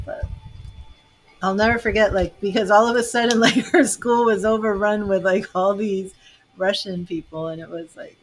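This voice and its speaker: With a steady tone, medium pitch, and moderate pace, this chatty middle-aged Boston woman hosts a casual livestream chat. She works as a tarot reader and psychic host. She tends to ramble and laughs a great deal.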